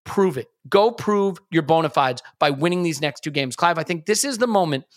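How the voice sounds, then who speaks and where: A man's voice: on the high side, lively intonation, moderate pace. A man hosting a sports podcast, talking emphatically and repeating key phrases for punch. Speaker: podcast host. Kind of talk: casual sports podcast chat.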